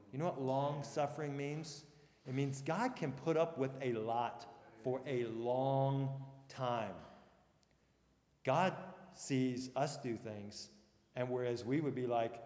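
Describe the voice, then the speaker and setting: A male pastor preaching a sermon, dropping to hushed tones and then shouting for emphasis, recorded in a large hall. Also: a little high. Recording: echoey hall with long reverb.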